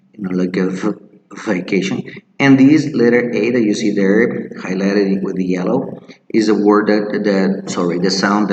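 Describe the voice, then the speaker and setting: Man, low voice, patient English teacher modeling words, roomy echo. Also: darkish tone. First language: Spanish. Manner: explains step by step, models words slowly and repeats them. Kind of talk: screen-share teaching lesson.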